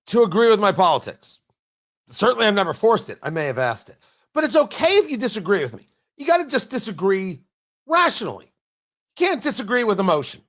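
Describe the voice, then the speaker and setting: Radio host guy, high voice, swings all over, combative and sarcastic. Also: fairly bright tone. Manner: emphatic, combative, sarcastic asides. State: out of breath. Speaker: radio talk show host. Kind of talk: political talk radio monologue.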